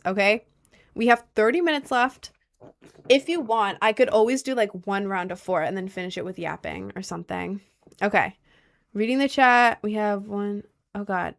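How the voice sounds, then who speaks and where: A young adult woman livestreaming, chatting casually and reacting to her chat with lots of slang and quick asides. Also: mid-range voice.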